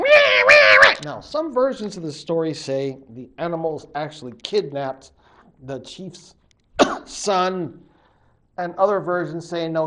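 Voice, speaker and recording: A male professor retelling a legend to his class, with a voice pitched a touch higher than most men's. His delivery swoops and bounces through a wide melodic range. He is chatty and playful, and he drops into voices for the story's characters. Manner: chatty, animated, acts out voices. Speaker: college literature professor. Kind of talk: storytelling lecture.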